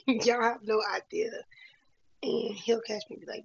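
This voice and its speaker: A woman's voice: on the high side, normal speed, vocal fry, slightly rough, no echo, highs cut off. A woman talking candidly to her viewers in a casual vlog, encouraging and full of slang. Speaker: vlogger. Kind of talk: casual heartfelt talk to camera.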